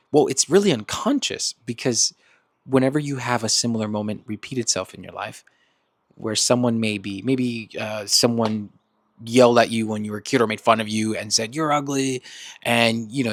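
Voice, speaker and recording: A man hosting a self-help podcast in a casual monologue, animated and laughing often as he acts out quoted friends. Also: medium pitch, no echo. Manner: laughs often between points. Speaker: podcast host.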